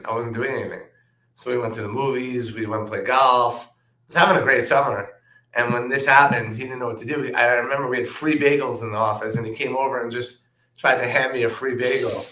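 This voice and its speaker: A man, a trader, telling stories from his career in a relaxed anecdotal way, with plenty of "um" and "like". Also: medium pitch. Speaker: trader and guest. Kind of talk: casual storytelling. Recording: roomy echo.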